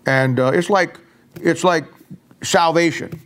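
An older man, a pastor, preaching a sermon in a folksy storytelling way and going soft and quiet when he quotes himself. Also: fairly high pitch, takes it slowly.

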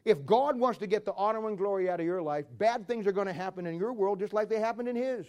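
A man preaching a sermon in a folksy storytelling way, acting out little dialogues and swinging between loud and soft. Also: high-pitched, quick pace.

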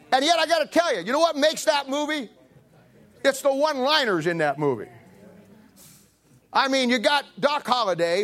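A man's voice: very high voice, a bit bright. A man in his seventies preaching a sermon as pastor, telling folksy stories with emphasis and acting out quoted voices. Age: 70s. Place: church sanctuary.

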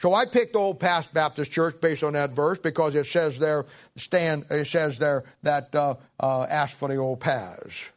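A man gives a sermon from the pulpit in a slightly raised voice. He slows and swells to read scripture aloud, then drops into chatty asides, clearing his throat as he goes. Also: a little high. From Ohio, United States. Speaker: pastor.

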